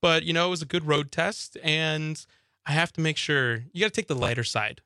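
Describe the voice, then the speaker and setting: Chatty man with a bright voice. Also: on the high side, fairly quick, dry recording, studio quality. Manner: chatty storyteller, laughs often, acts out his own thoughts. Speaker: radio co-host. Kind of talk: casual radio chat. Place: radio studio.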